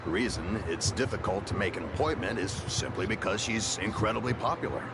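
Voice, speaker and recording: A man's voice: lowish voice, fairly quick, very noisy, lightly acted. Man voicing an easygoing, joking townsman. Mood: relaxed. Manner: relaxed, joking.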